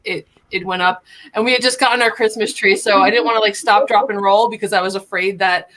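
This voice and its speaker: A woman's voice: medium pitch, fairly even intonation, brisk, crowd noise. A woman chatting with friends, telling a funny story and laughing often. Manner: giggly storyteller. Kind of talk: casual chat.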